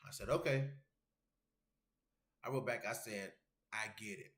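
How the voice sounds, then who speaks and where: This MMA show host has a fairly low voice with a slightly bright tone and speaks a little slowly in a roomy-sounding space. Chatting casually with livestream viewers, he's loose and profane, wandering between topics and reading chat messages aloud.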